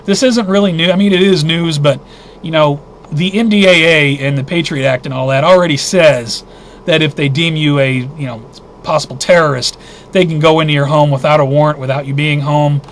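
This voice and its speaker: A man hosting a casual weekly news roundup, reading headlines and reacting with indignant, halting comments. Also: on the high side, steady tone, slight background noise. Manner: agitated, indignant, thinking aloud with restarts. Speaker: host of a weekly news briefing.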